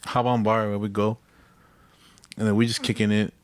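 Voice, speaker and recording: A man's voice: lowish voice, flat delivery, normal speed, smooth, no echo. A young man, telling profane stories with lots of laughter as a podcast co-host. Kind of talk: casual chat.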